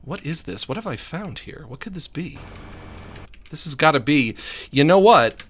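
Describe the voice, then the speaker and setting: A man's voice: on the high side, sing-song, moderate pace, a bit bright, slight background noise. A man rambling casually while playing a game, laughing often and muttering to himself. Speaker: streamer.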